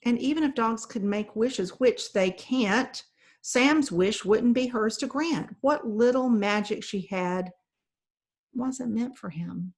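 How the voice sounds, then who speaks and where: A woman's voice: on the high side, slow. Woman reading a children's novel aloud. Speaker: reader.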